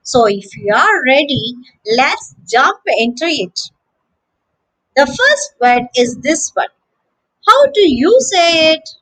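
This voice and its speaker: A woman with a high voice teaches English pronunciation to children. She speaks slowly and carefully, repeating each word as a drill, and her pitch moves a lot between words. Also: sing-song, a bit bright, rough recording. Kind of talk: slow, deliberate pronunciation lesson for children.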